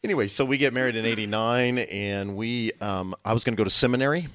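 A man in his fifties from Illinois, a guest pastor telling his story in a relaxed, folksy, joking way. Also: medium pitch, fast, smooth, dry recording. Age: 50s. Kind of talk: casual storytelling.

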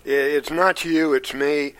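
A man co-hosting a podcast, firing off quick pun one-liners in casual chat. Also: on the high side, steady tone, a bit bright, rough recording. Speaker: podcast co-host.

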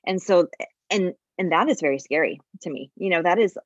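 A woman's voice: lowish voice, a little fast, no echo, dull audio. A woman who worked as a labor nurse, telling stories in a casual podcast chat and often restarting her sentences. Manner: storytelling, restarts and repeats words, animated when quoting.

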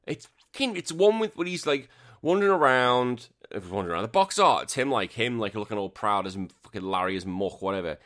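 A man's voice: mid-range voice, fast talker. A man hosting a podcast, chatting casually and ranting with lots of swearing. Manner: animated, swears a lot, exasperated rants. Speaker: podcast host.

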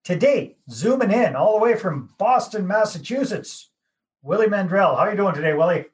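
A man's voice: high voice, animated, normal speed. A man from Canada hosting a podcast interview, chatting in a friendly, joking way. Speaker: podcast host. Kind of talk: casual interview chat.

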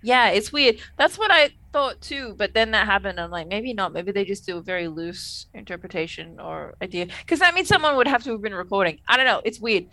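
Bright-voiced chatty woman, dry sound. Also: medium pitch, lively intonation, a little fast, few pauses, dry recording. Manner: chatty, laughing, trailing off mid-sentence. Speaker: podcast co-host. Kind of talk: casual chat recapping a TV episode.

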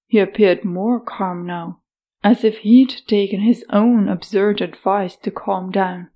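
A woman narrates an audiobook at an unhurried, slow pace. Her voice sits at a middle pitch, and she tells the story steadily. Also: steady tone, warm tone.

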